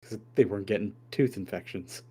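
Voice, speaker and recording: A man's voice: on the low side, a little fast, dark tone, husky. A man co-hosting a podcast in wry, questioning casual chat. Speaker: podcast co-host.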